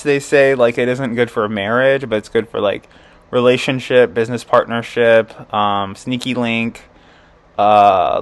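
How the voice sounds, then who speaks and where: A man chats his way through an astrology chart reading, loose and rambling, with plenty of "like" and "um" and little chuckles. His pitch sits in a middle range for a man. The recording is dry and close, with no room sound. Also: clean tone, no echo. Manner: rambling, full of "like" and "um", chuckling asides. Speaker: tarot and astrology reader.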